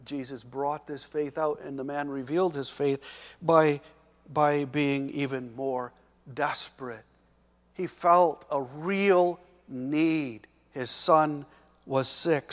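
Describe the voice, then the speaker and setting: Male preacher, fairly high voice, deliberate slow delivery, emphatic sermon. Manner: slow, emphatic preaching that swells loud when voicing the characters' pleas. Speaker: pastor.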